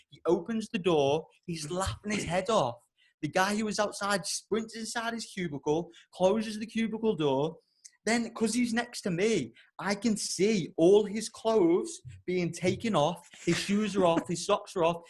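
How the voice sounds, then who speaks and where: A young man on a podcast, telling a comic story with heavy swearing and loud, exasperated outbursts. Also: high-pitched. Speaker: podcast co-host.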